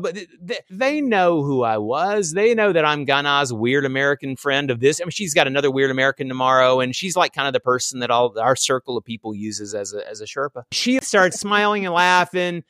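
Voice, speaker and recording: A man telling a story in casual chat, animated and acting out what people said. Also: mid-range voice, brisk, few pauses, dry recording, clean studio sound. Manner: animated storytelling, acts out quotes.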